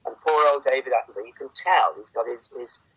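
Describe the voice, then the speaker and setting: Male doctor, earnest and halting, husky edge; dull lo-fi recording. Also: mid-range voice, a bit bright. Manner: earnest, hesitant, repeats words. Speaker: doctor guest on a podcast. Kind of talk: casual conversation.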